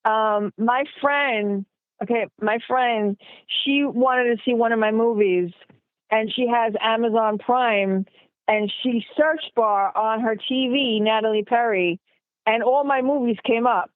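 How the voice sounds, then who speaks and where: A rambling, chatty woman from New York, peppering her talk with fillers as an interview guest. Her voice sits fairly high and comes through a tinny, phone-like line. The sound is dry, with no room around it. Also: unhurried, dry recording. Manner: rambling, heavy use of fillers like "like" and "you know". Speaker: guest actress. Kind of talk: casual interview chat. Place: remote call from home city.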